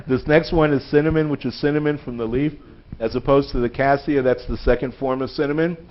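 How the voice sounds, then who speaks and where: A man's voice: medium pitch, steady tone, a little fast. A man giving a live lecture to a group in a synagogue, chatty and joking, laughing at his own puns. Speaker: guest lecturer. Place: synagogue hall. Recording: dull lo-fi phone recording.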